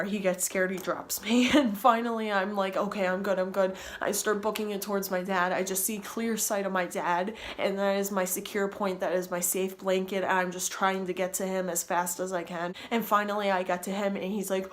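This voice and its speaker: A woman's voice: medium pitch, slight background noise. A woman vlogger telling a personal story in a storytime vlog, in a breathless, rambling way, repeating herself and restarting sentences.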